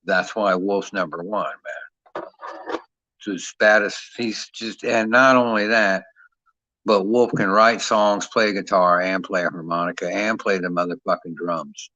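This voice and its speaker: A man's voice: sits low, steady tone, unhurried, bright, forceful tone, no echo. A man talking casually and profanely at length, rambling and ending his sentences with "man". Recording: dull lo-fi dry sound.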